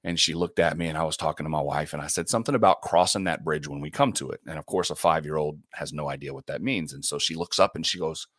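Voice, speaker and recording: A man who hosts a radio morning show, a guest in an interview, telling faith stories in an earnest, animated way, often restarting and laughing. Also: low-pitched, fast, no room sound, clean studio sound. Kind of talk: faith-centered interview storytelling.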